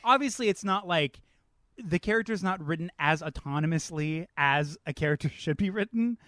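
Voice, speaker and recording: A man's voice: on the high side, animated, normal speed, a bit bright, dry recording, studio quality. A man co-hosting a film podcast, joking casually and acting out scenes with mocking quoted voices. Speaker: podcast co-host.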